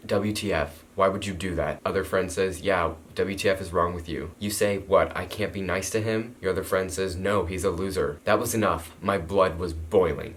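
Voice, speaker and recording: A man's voice: sits low, brisk, hardly any pauses, slight background noise. A man reading a fanfiction about himself aloud and acting out its lines, breaking off with amused, mocking remarks. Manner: amused, mocking asides between read passages. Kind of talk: reading aloud and reenacting a story with joking asides.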